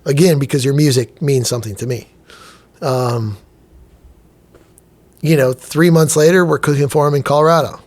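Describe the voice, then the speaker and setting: A middle-aged man, a chef and restaurant owner, telling stories in a casual, lively way in a podcast interview and acting out what people said. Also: mid-range voice, moderate pace, pauses often. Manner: animated, acts out quoted dialogue, casual.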